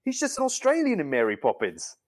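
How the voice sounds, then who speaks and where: A man's voice: high voice, a little fast. A British man, a guest on a podcast, chatting casually and joking. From Britain. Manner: animated, joking, does mock accents.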